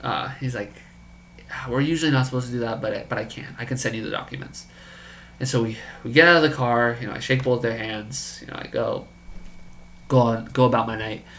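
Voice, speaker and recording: A man telling a story about a friend's business pitch in a casual, incredulous way, acting out the dialogue. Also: a little fast, a bit bright, a little hiss or hum. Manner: incredulous, quoting others in dialogue.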